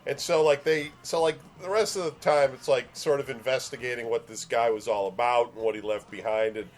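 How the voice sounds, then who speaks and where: A man co-hosting a casual podcast chat, recounting things in a relaxed way with many "like"s. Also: mid-range voice, brisk. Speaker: podcast co-host.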